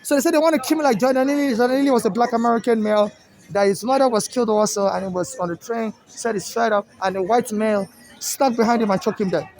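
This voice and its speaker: A man's voice: extremely high pitch, fast talker, a little mellow, low-quality recording. A man with a Nigerian accent, from Nigeria, talking outdoors in an agitated, repetitive complaint that he aims straight at an official. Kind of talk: direct-to-camera complaint. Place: outdoors in a city.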